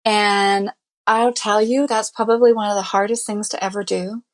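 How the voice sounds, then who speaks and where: A woman speaks as an interview guest, recounting a deeply personal story in a candid, earnest way. Her talk is loose and conversational, scattered with "you know" and "I mean." She sounds emotionally close to what she describes, as if reliving it while she speaks. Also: fairly even intonation, normal speed. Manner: emotional, reliving events as she tells them.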